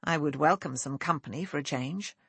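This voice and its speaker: A woman's voice: deep voice, fairly quick, gravelly, slightly rough, no echo, exaggerated voice. A woman voicing a kind, assured young male lord who speaks formally and courteously, in an audiobook. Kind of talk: audiobook character voice.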